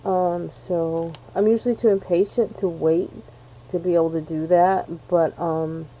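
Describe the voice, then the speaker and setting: An American woman from New York State rambles through an art-supply unboxing, stopping for ums and self-deprecating asides. Her voice sits low and sounds mellow and soft. A faint hiss runs underneath. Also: steady tone, a little slow, rough recording. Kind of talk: rambling casual chat.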